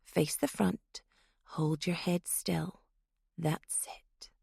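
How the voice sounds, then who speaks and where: A woman puts on a cold young female killer who taunts her victim in a low, slow, menacing murmur. The voice has a gravelly edge and sits close and dry. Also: no echo. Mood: taunting.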